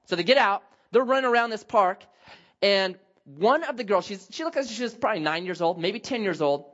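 A man's voice: high-pitched, fairly quick, muffled recording. A man preaching a sermon, telling a story and acting out the people in it. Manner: animated, acts out scenes with shouted quotes. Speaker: pastor.

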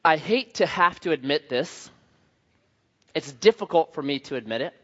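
A pastor in his thirties preaching with a slightly raised pitch, moving from a slow prayer into quick, animated storytelling. He tells his stories with comic timing. The recording sounds dull and lo-fi. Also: long reverb tail. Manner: animated storyteller, acts out a child's high voice in quotes.

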